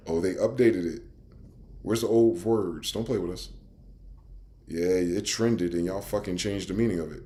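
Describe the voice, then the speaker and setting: A man hosting his own show, ranting and swearing while he reads word definitions aloud, swinging between loud outbursts and low muttering. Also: unhurried, pauses often. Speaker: podcast host.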